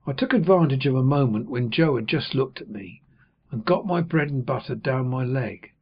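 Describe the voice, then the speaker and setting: Brief: male audiobook reader, husky, mid pitch, measured narration, dull lo-fi sound. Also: expressive. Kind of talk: scripted narration.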